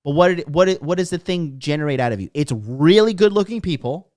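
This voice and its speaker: A man's voice: fairly high pitch, animated, fast talker, a little mellow, dry recording, studio quality. Brash, profane male dating coach. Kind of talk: casual livestream chat reading comments.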